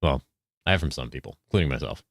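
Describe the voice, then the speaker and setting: Low-voiced man streaming a game. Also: animated, racing, vocal fry. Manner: explains game items, thanks viewers; loose and joking, swears. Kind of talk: casual gameplay chat.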